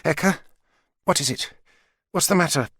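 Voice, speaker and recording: A man's voice: on the high side, moderate pace, fairly bright tone, husky, no room sound, clean studio sound, voice pushed up. A male reader voicing an emotional young woman who pleads insistently. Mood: pleading.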